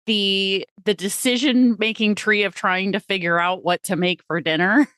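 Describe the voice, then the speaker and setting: A woman's voice: medium pitch, steady tone, moderate pace, a bit bright, clear, resonant tone, dry recording, studio quality. A woman hosting a podcast, chatting casually and laughing often. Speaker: podcast host.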